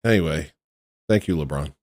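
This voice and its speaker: A man's voice: rumbling low, normal speed, darkish tone, no echo, studio quality, soft background music. A man hosting a casual all-night radio show, joking and rambling and laughing at his own stories.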